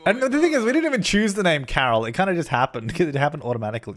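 Here the young man's voice sits on the high side, swinging widely in pitch and racing along very fast. A gaming YouTuber, he keeps up loose, talkative let's-play commentary, catching his own slips and often voicing the characters.

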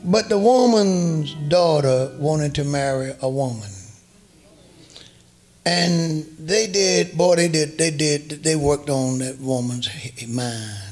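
High-voiced emphatic male preacher. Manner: emphatic and repetitive, rising to shouts. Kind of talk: sermon.

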